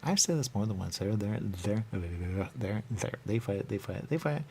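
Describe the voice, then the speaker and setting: Low gravelly man in a rambling monologue. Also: expressive, normal speed, dark tone, a little hiss or hum. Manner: repetitive, rambling, repeats catchphrases. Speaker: radio show host.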